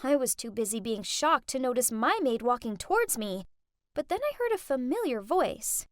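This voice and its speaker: Young woman, storytime narrator, high and very animated, dry close mic. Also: normal speed, dry recording. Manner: lively, dramatic first-person telling.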